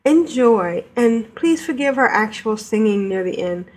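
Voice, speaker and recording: A woman hosting a gaming podcast, bubbly and giggly, reacting quickly to her co-hosts. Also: on the high side, expressive. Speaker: podcast host. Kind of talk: casual podcast chat.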